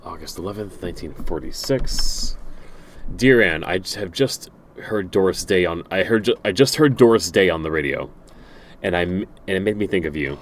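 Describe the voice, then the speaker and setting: Low-voiced man reading game letters aloud. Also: normal speed, slight background noise. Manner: stumbling, self-correcting reading with dry asides. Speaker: game streamer.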